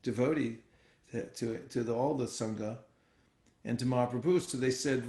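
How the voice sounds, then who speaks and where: A man leading an informal scripture class, talking in a relaxed, conversational way with many fillers and restarts. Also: medium pitch, normal speed. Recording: roomy echoey sound.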